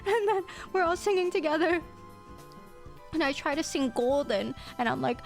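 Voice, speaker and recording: A young woman streamer telling a story in casual chat, animated and quick to laugh, with some casual swearing. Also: very high voice, faint music behind. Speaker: VTuber streamer.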